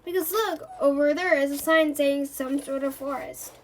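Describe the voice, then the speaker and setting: A woman reading aloud the lines of an excitable young boy who speaks eagerly. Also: high-pitched, moderate pace, natural voice. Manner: eager, exclaiming.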